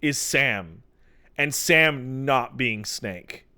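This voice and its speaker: Speaking very slowly in a clean, mid-range voice, this young podcast co-host chats casually about video games. He's an animated storyteller who acts out mock-exasperated lines and swears freely.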